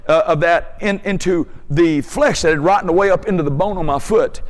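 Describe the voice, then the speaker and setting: A man's voice: high voice, in a large hall. A man preaching a testimony sermon with fervent, emphatic storytelling.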